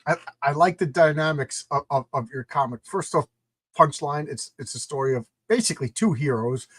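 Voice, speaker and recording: A man's voice: fairly high pitch, lively intonation, normal speed, slightly rough, no echo. A man hosting a casual interview podcast, talking with enthusiasm and often repeating words as he starts sentences. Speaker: podcast host.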